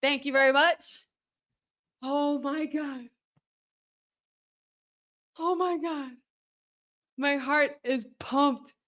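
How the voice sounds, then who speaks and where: A woman hosting a live wrestling watch-along from her room at home, excitable and swearing as she talks to her chat. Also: high-pitched, very slow, long pauses. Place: room at home with windows open.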